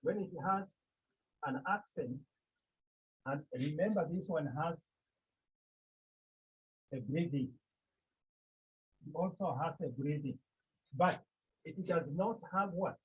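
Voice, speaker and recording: A man with a Cameroonian accent teaching a Greek class, speaking slowly and deliberately, often checking with his students. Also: fairly high pitch, slightly rough. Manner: slow, deliberate, repeats key points and checks with "Okay?". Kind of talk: classroom lecture. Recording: tinny phone-like line.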